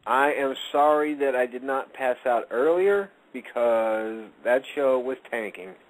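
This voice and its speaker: A man's voice: medium pitch, unhurried, rough recording. A man hosting a comedy hockey radio show, goofy and playful in his delivery. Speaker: host. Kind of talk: casual comedic chat.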